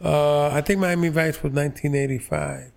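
A man in his sixties from New York's Lower East Side, an actor telling stories in an interview, slow and halting with many fillers. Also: steady tone, vocal fry, a little mellow. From New York, Lower East Side. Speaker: actor, guest. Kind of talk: relaxed interview storytelling.

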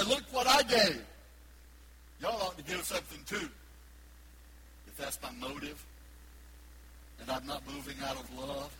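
A pastor delivers a sermon in a fairly high voice. He swings from loud, emphatic peaks down to hushed asides. The recording is noisy, with a steady hum behind him. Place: church sanctuary.

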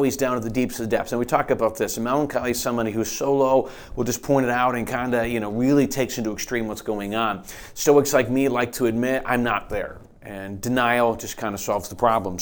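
A middle-aged man preaching a sermon in an unhurried way, often repeating words and rising in pitch and volume when he reads scripture aloud. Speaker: pastor.

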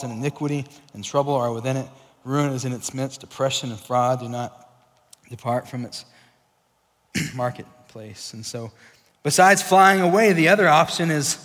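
A young man preaching a casual sermon to young adults, animated, acting out voices, with lots of fillers. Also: medium pitch, moderate pace, pauses often. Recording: long hall reverb.

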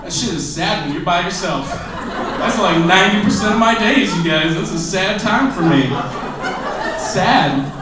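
A man in his twenties doing a stand-up comedy set, self-deprecating, dropping to a low mutter and then bursting into loud shouted bits. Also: heavy reverb, recorded from a distance, heavy background noise. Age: 20s. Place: comedy club stage. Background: audience laughter.

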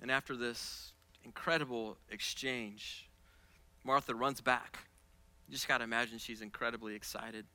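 In his sermon, a pastor moves between soft, casual asides full of repeated words and loud, high-pitched stretches. His intonation is fairly even, his speed normal, and there's no room sound.

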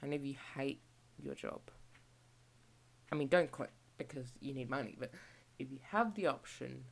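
A woman's voice: a bass voice, moderate pace, creaky. A young Australian woman ranting casually about her retail job, rambling and acting out exchanges with customers. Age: young adult. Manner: rambling, chatty, acts out shop exchanges. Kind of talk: casual rant vlog.

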